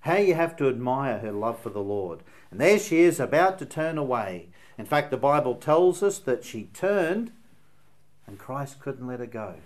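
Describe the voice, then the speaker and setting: A man's voice: mid-range voice, very animated, normal speed, a little mellow. A man with a Northern Irish accent preaching a sermon in an earnest, emphatic way, weaving in stories as he goes.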